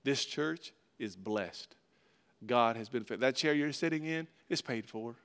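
A man's voice: medium pitch, unhurried, fairly bright tone, smooth. A man preaching as pastor in a conversational sermon, acting out God and Moses in short bits of dialogue.

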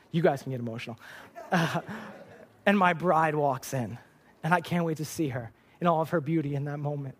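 Earnest young man preaching, slightly high. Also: a little fast. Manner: earnest, emotional, repeats words when moved. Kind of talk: sermon. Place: church stage.

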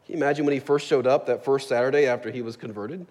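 A pastor with a medium-pitched, slightly mellow voice preaches rapid-fire with fairly even intonation. His sermon in the church sanctuary is casual and full of jokes, and he keeps asking the congregation "right?" under a long hall reverb.

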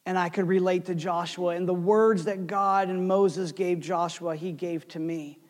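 A man in his forties preaching a sermon, telling a story with swings between loud bursts and hushed asides. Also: sits high, fairly even intonation, measured pace, big-room sound. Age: 40s. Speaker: pastor.

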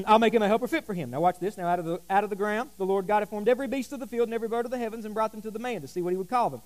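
A man's voice: high voice, racing. A man preaching a sermon as pastor, emphatic, repeating key lines and joking with the congregation.

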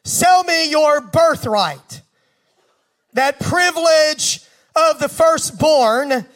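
A man's voice: very high-pitched, lively intonation, extremely slow, fairly bright tone, exaggerated voice. A man voicing a scheming younger brother making a bargain within a sermon. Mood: cunning.

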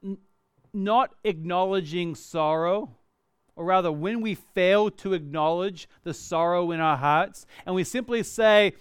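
High-voiced man preaching a sermon. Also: a little slow, clear, resonant tone, no room sound, studio quality. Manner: earnest, shifts between lively emphasis and quiet reflection.

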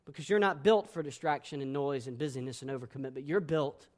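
A man preaching a sermon as pastor, boisterous and emphatic, swinging between loud declarations and hushed, soft passages. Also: on the high side, fast.

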